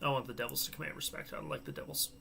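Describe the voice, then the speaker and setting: A man's voice: medium pitch, sing-song, rapid-fire, vocal fry, sharp tone, a little hiss or hum. A young man hosting a live watchalong stream, chatting casually, joking and laughing at his own asides.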